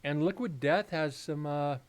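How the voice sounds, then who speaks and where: A man's voice: on the high side, a little slow, clear, resonant tone. Casual, profane man hosting a stream. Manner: rambling, profane storytelling. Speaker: paranormal investigator and livestream host. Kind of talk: casual livestream chat.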